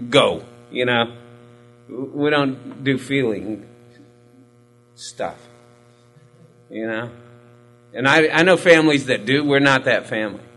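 A man's voice: medium pitch, bright, forceful tone, low-quality recording. A man giving a candid, profane personal testimony in a rambling, self-mocking way, full of fillers. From Hispanic military family background. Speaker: recovery storyteller.

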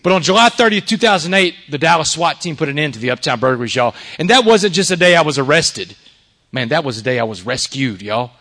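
A middle-aged man giving an earnest recovery testimony to a live audience, swinging from loud emphasis to hushed confession. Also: a little high, expressive, fast. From Texas. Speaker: recovery speaker.

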